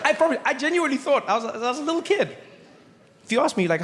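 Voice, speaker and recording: A man doing stand-up comedy on stage, an animated storyteller who acts out voices. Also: very high voice, rapid-fire. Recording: live hall reverb, faint noise.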